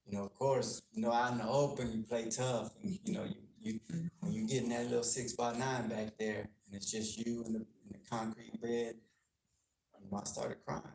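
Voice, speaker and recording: A man's voice: medium pitch, creaky, darkish tone. A man from Texas giving an earnest, plainspoken talk about his past to a university audience, acting out the people he quotes. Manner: earnest, plainspoken, acts out dialogue. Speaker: guest speaker on gang culture. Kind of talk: personal storytelling to an audience. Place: university lecture room. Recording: echoey room, faint clicking.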